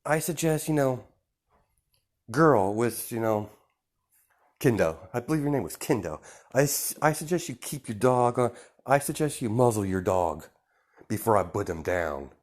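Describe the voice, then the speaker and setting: A man's voice: mid-range voice, animated, moderate pace, pauses often, close to an everyday voice. Cold, cocky teen hero, as a man voices him. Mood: taunting. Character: cocky teenage boy hero, cold and taunting.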